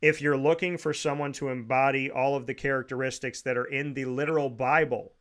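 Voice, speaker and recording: A man's voice: mid-range voice, fairly even intonation, brisk, fairly bright tone. A man hosting a casual sports talk show, upbeat, chatty and sincere.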